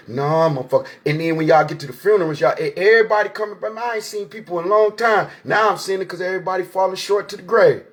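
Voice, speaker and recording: High-pitched man in his forties, preaching street talk. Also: fast, hardly any pauses. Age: 40s. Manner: preachy, streetwise, rambling, swears freely. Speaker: show host. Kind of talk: casual monologue.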